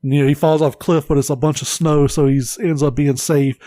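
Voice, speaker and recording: A man's voice: on the high side, level tone, brisk, dark tone, no room sound. A man co-hosting a casual podcast, rambling through a story and swearing freely. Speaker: podcast co-host.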